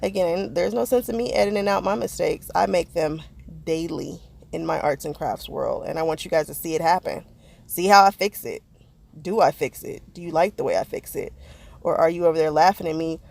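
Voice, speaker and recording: A woman's voice: on the low side, a little fast, gravelly, a little mellow. A woman chatting casually to her viewers as she narrates a craft project, poking fun at her own mistakes. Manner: chatty, self-deprecating, talks to viewers. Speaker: crafting vlogger.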